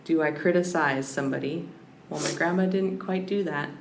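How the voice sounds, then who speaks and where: A woman with a low-pitched voice, speaking at a moderate pace, appears as a guest on a podcast. She is a language scholar, and her talk is a reflective conversational interview, searching for words and often restarting. The recording sounds roomy, with a faint hiss in the background.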